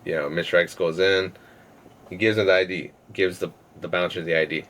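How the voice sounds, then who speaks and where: A man's voice: low-pitched, flat delivery, brisk, fairly bright tone, a little hiss or hum. A young man, a podcast guest, telling a rambling, profane story in casual chat and laughing between phrases.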